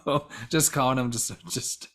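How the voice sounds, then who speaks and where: A man's voice: medium pitch, steady tone, a little slow, a bit bright. A man co-hosting a podcast, chatting casually about a horror film, rambling with many fillers, restarts and swear words. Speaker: podcast co-host. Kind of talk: casual movie discussion.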